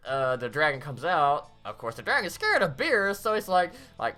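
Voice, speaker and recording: A woman giving a casual, rambling review of a cartoon episode, recapping scenes in a chatty way. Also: sits low. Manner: rambling, animated recap with quick acted-out quotes.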